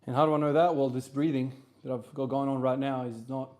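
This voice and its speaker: Here's a lifter who streams, a man from South Australia with an Australian accent. His mid-range voice comes fairly quick as he rambles casually through questions from chat in the breaks between gym sets.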